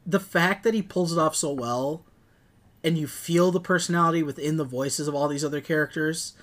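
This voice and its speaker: A man's voice: fairly high pitch, normal speed, fairly bright tone. A man co-hosting a podcast in casual chat, rambling and enthusiastic with lots of fillers. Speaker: podcast co-host.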